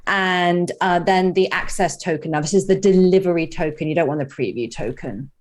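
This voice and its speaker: Guest developer, female, a bit low, sick-sounding voice, cheerful and encouraging. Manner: upbeat, encouraging, quick asides. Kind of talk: casual tutorial chat.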